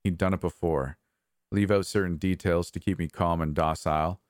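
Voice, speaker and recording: A man reading a first-person horror story in a measured, somber way. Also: low voice, steady tone, no echo, clean studio sound. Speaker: narrator. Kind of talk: scripted horror narration.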